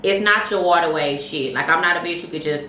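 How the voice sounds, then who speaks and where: A woman's voice: deep voice, a little fast, bright, forceful tone, reverberant, slight background noise, low-quality recording. A woman co-hosting a podcast, telling stories casually, laughing and acting out voices. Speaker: podcast co-host. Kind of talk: casual chat, storytelling.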